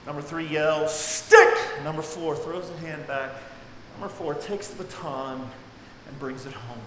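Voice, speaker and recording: A man preaching a sermon, swinging dramatically between near-shouts and hushed, low passages. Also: moderate pace. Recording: echoey hall with faint noise.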